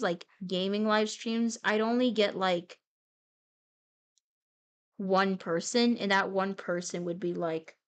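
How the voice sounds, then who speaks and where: This young adult woman talks casually as she draws on a live stream, rambling playfully and now and then erupting with excitement. She has a mid-range voice.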